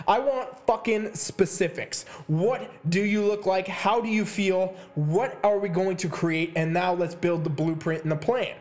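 A man's voice: high-pitched, fairly even intonation, normal speed, few pauses, darkish tone. A man who is a health and fitness coach, giving a heated motivational podcast rant full of swearing and repetition. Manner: fired-up, swearing, hammering repetition. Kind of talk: intense motivational podcast monologue.

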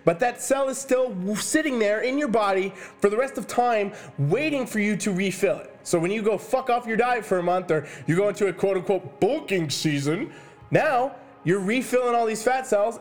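A man's voice: sits high, lively intonation, normal speed, soft background music. A man ranting about fitness to his viewers, swearing often and stressing his points hard. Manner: swearing, emphatic, addresses "ladies and gentlemen". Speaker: fitness coach. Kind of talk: profane fitness rant to camera.

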